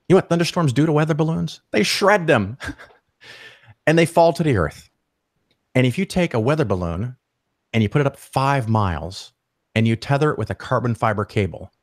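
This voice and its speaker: A man telling a story as a podcast guest, animated and profane, acting out the people he quotes. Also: medium pitch, no room sound, clean studio sound. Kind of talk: casual storytelling interview.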